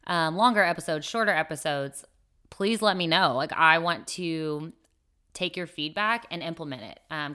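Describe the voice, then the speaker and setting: Young woman, podcast host, bright and clear voice, chatty and upbeat. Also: on the low side. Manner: chatty and upbeat, many fillers and laughs. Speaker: podcast host and fitness instructor. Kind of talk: casual solo podcast chat.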